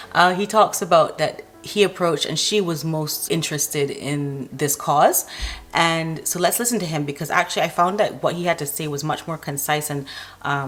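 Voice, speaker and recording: A woman talking casually to her viewers, giving her opinions in a chatty vlog. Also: low voice. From Barbados. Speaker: vlogger.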